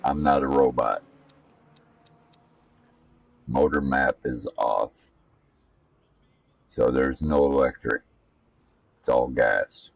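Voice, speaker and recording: A man's voice: rumbling low, takes it slowly, gravelly, pauses often, recorded from a distance. A man giving casual, profane commentary while practicing laps as a sim racing streamer, ranting bluntly between remarks on the car. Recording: voice set back from the mic.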